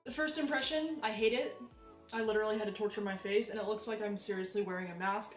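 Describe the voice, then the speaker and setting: A woman vlogger chatting casually as she tries out makeup, animated and self-deprecating. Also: mid-range voice, fast talker, roomy sound, recorded from a distance, faint music behind. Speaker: beauty vlogger. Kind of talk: casual makeup tutorial chat.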